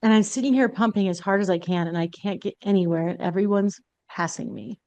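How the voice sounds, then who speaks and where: A woman's voice: medium pitch, expressive, brisk, warm tone, dry recording. A woman podcast host telling a personal story in a candid, confessional way.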